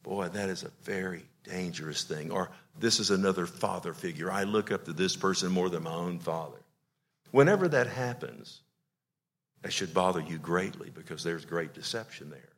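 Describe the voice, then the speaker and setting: Middle-aged guy preaching, kinda low voice, gets loud then goes real quiet. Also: moderate pace. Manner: emotional preaching, swings from loud to hushed. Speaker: pastor. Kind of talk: sermon.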